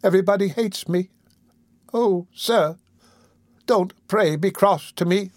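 A man's voice: high-pitched, measured pace, no room sound, clean studio sound, voice pushed up. A man voicing a frightened little workhouse boy who pleads in a tremulous, sobbing voice. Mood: sobbing, pleading.

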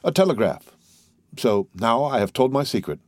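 A man voicing an urbane, composed middle-aged count in an audiobook, speaking with smooth, measured courtesy. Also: medium pitch, lively intonation, dry recording, clean studio sound, close to an everyday voice. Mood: courteous.

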